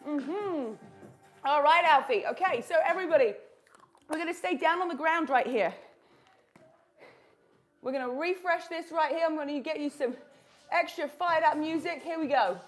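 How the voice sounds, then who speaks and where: A very high, bright-pitched woman leads a live home workout, counting reps and cueing each move with upbeat encouragement. Faint music plays underneath her voice. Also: moderate pace, pauses often. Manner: upbeat, encouraging cues, chats to her dog. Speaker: fitness instructor.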